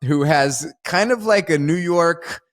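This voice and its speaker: A man co-hosting a podcast, chatting casually about a film with lots of laughter and excited jumps in pitch. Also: takes it slowly. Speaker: podcast co-host. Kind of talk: casual film review chat.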